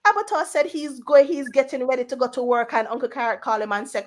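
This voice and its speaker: Lady on the radio telling a story, animated, does everyone's voices. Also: sits high, quick pace. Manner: animated, voices family members in quotes. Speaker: radio guest. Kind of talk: personal storytelling.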